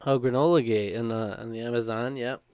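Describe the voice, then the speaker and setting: A man's voice: mid-range voice, steady tone, darkish tone, clean tone, dry recording. A man co-hosting a podcast, reading a countdown script with a chuckle now and then, mixed with casual chat. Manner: brisk, chuckling between lines.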